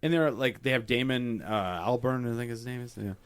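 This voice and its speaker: With a clean tone and medium pitch, a man talks fairly quickly while hosting a casual podcast. His stories are heavy on profanity and lively, with him performing what others said.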